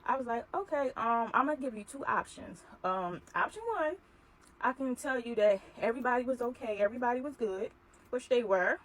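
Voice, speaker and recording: Woman spilling a story fast, slightly raspy voice, acts out all the dialogue. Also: a little high, animated, rough recording. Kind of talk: casual storytelling.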